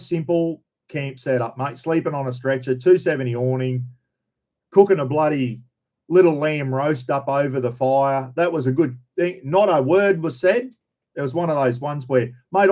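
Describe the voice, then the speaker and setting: Greeting viewers on a relaxed live chat about camping, this Australian-accented host rambles folksily and keeps using "mate" and "bloody." His voice is medium in pitch and a little mellow.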